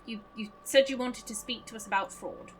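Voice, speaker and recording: A woman's voice: a little high, brisk, a little hiss or hum, close to an everyday voice. A woman reading a skeptical young male investigator's dialogue in her own plain voice, blunt and doubting. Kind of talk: reading game dialogue aloud.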